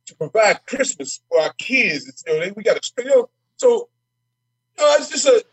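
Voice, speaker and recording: A man's voice: sits high, very animated, normal speed, husky, dry recording. A man speaking as a state legislator guest in an interview, emphatic and fiery, repeating words as he heats up. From Minnesota. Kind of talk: passionate interview talk.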